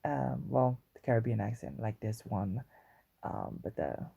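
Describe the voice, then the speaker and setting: Slow, gravelly Guadeloupean woman. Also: rumbling low, lively intonation, dark tone, no echo, dull audio. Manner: chatty, rambling, self-aware about being wordy. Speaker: podcast host. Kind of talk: solo podcast chat.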